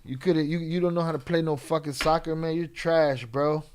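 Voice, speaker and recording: A man's voice: a little high, steady tone, a little fast, a little mellow, slight background noise, close to an everyday voice. A man voicing a rude, swaggering male thug who taunts crudely. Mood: taunting. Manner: crude, mocking.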